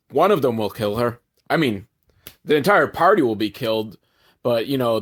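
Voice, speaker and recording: Sarcastic man recapping a movie. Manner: deadpan, irreverent asides, jumps in pitch for emphasis. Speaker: comedic movie reviewer.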